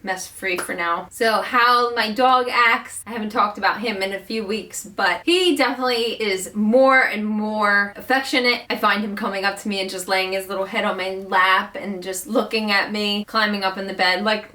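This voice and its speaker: A woman's voice: mid-range voice, sharp tone. Chatty young woman, slightly distant mic. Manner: chatty, rambling, with many likes. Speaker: vlogger. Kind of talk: casual chat. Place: bedroom at home.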